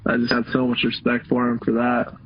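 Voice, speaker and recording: A man who races Supercross, chatting as a podcast guest in a halting, casual way full of fillers. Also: medium pitch, monotone, muffled recording, slight background noise. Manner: halting, filler-heavy, uses "like" and "dude". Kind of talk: casual interview chat.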